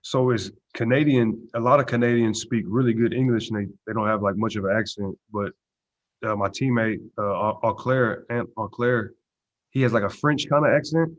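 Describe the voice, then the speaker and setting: A football player answering press questions in a relaxed, low-key way, with lots of "you know" and "uh" fillers. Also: male voice, normal speed. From Texas. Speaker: pro football player at media day. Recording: dull lo-fi stream audio.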